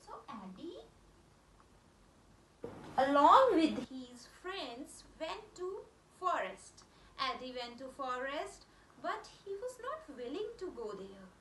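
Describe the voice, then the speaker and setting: A woman's voice: sits high, fairly bright tone, echoey room, slight background noise, poor audio. A woman teaching vocabulary, spelling words out letter by letter and repeating phrases. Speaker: English teacher. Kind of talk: slow spoken vocabulary lesson.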